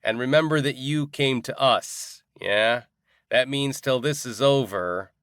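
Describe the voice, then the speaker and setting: A man voicing a smug male crime boss who speaks slowly and quietly with a threatening edge. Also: mid-range voice, dry recording, studio quality, pitched above the performer's own voice, close to an everyday voice. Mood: menacing.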